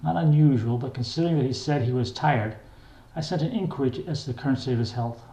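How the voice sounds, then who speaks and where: An older man reads his own memoir aloud in a plain, wry, unhurried way. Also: mid-range voice, dark tone. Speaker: memoir reader. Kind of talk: memoir narration. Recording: echoey room.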